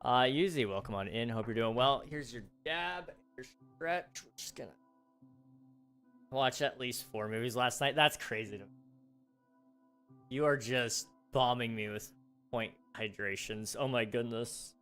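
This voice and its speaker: A man's voice: mid-range voice, fairly even intonation, unhurried, pauses often, fairly bright tone, clear, resonant tone, faint music behind. A man chatting casually with his viewers on a livestream, rambling and poking fun at himself. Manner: rambling, chatty, self-deprecating.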